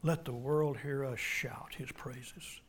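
A middle-aged man preaching a sermon as pastor, pleading loudly at times and dropping to a near whisper in prayer. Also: mid-range voice, slow, slight background noise. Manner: impassioned preaching, swings from loud pleas to whispered prayer.

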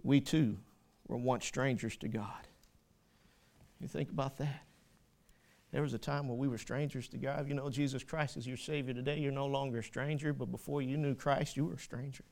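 A man's voice: mid-range voice, steady tone, moderate pace, creaky, darkish tone. A man preaching a sermon, quoting scripture with rising fervor and making small slips and corrections as he goes.

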